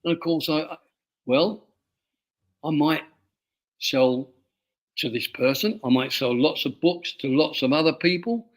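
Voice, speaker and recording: An older man from England, an author being interviewed, telling stories from his life with many halting restarts and repeated words. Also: fairly high pitch. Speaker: author guest. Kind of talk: interview storytelling.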